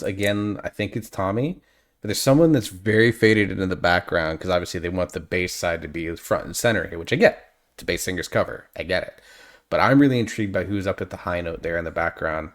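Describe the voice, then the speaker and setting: A man's voice: sits low, expressive, brisk. A man hosting a reaction video, chatting casually and analytically and drifting off on tangents.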